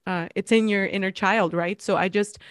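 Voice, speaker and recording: A woman's voice: mid-range voice, fairly even intonation, moderate pace, no room sound, clean studio sound. A woman hosting a recovery podcast, encouraging her guest and openly moved to tears. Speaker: podcast host. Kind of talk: conversational interview.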